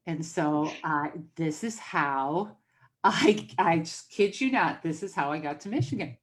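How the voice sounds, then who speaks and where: A woman hosts a podcast and tells a family story in a relaxed, chatty way. She is animated and acts out the voices of the people she quotes. She laughs often as she talks. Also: low-pitched, a little slow. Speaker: podcast host. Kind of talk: casual storytelling chat.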